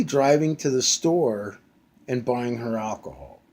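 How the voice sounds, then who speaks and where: A man's voice: medium pitch, expressive, takes it slowly, a little mellow. A man in his fifties ranting casually from a back bedroom at home, blunt and profane, with many fillers. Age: 50s. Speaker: vlogger.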